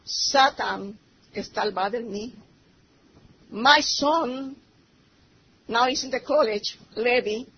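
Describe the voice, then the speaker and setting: A middle-aged woman whose native language is Spanish gives a personal testimony at church in broken English with a Spanish accent, slipping into Spanish as she tells her story. Her voice sits high. The recording is slightly muffled with faint noise.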